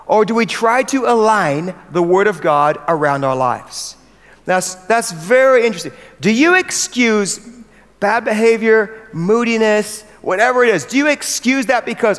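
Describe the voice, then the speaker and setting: An American pastor with a high, fairly bright voice gives an earnest, emphatic sermon to other church leaders in a large hall and puts questions to the room. The recording carries long hall reverb.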